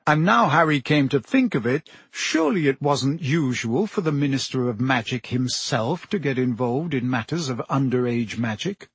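Husky-voiced man reading a storybook. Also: mid-range voice, animated, normal speed, few pauses, no echo. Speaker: audiobook narrator. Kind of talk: scripted storybook narration.

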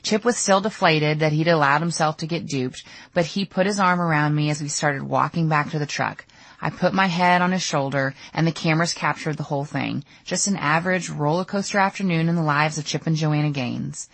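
A woman's voice: low-pitched, brisk, creaky, no echo. A middle-aged woman narrating her own audiobook memoir in a candid, storytelling way. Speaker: author reading her memoir.

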